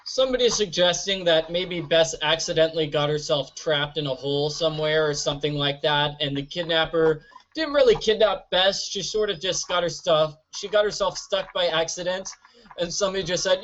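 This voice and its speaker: Chatty man with a fairly high voice. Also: normal speed, fairly bright tone. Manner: chatty, jokey, rambling. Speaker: let's-play host. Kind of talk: gameplay commentary. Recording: dull lo-fi audio.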